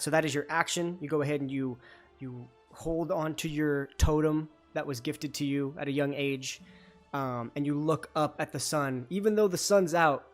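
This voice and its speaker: A man narrating as dungeon master in a loose, chatty way, with lots of fillers and restarts. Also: on the high side. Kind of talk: narrating a tabletop game over a call.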